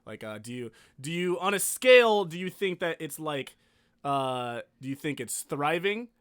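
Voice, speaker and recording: A man hosting a casual podcast, asking questions excitably with many fillers. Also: on the high side, moderate pace, clear, resonant tone. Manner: excitable, uses lots of fillers. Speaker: podcast host.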